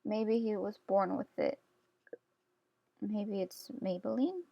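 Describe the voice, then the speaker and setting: Her voice is mid-range and dark, with vocal fry, and she takes things slowly. She's a young woman running casual, rambling commentary as she draws for her art YouTube channel, chatty and self-deprecating, frequently laughing, captured through a screen-recording voice-over on her computer.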